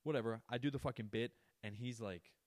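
A man's voice: medium pitch, fairly quick, no echo, clean studio sound. A young adult man hosting a podcast, telling a story in a casual, profane, ranting way. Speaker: podcast host.

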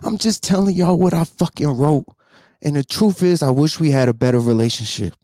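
Man in his thirties, higher voice, dark tone, dry sound: tearful profane rant to camera, lots of sighs. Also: brisk, no echo. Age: 30s. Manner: profane, repetitive, keeps asking "you know what I'm saying". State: tearful, sighing. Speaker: vlogger. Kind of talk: emotional unscripted rant to camera.

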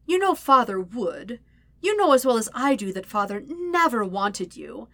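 A woman's voice: on the high side, big pitch swings, moderate pace, a bit bright, dry recording, voice pushed up. A woman voicing a cruel, gloating teenage princess who taunts in a sing-song croon, in an audiobook-style fiction reading. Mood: taunting.

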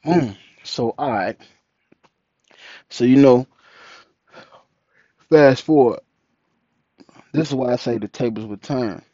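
A young man telling a story casually, animated and profane, acting out the people in it. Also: medium pitch, slow, long pauses, no echo. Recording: dull, muffled, dry recording.

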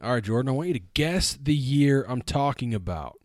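A man's voice: medium pitch, animated, a little fast, a little mellow. A man co-hosting a casual talk show, wry and laid-back as he ranks things and quizzes his friend. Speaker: podcast co-host. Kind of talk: casual banter.

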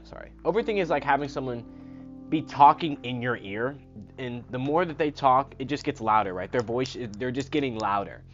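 A man's voice: mid-range voice, a little fast. A man hosting a podcast in a casual motivational talk, emphatic, swearing now and then and tagging his points with "right?". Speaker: podcast host. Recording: muffled lo-fi with guitar music behind.

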